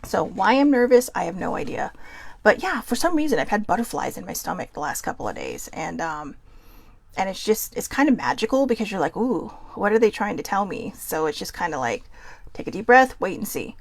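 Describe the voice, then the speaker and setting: A woman with a Californian accent hosting a casual solo talk, reading cards aloud and chatting quickly, with frequent self-interruptions and an admitted nervousness. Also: on the low side, very animated, gravelly, breathy edge, no echo. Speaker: host. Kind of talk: casual musing while reading oracle cards.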